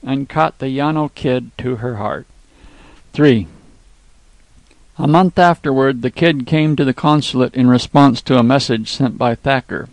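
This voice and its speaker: Male narrator, gravelly, measured classic-story reading, dry booth sound. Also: mid-range voice, no echo.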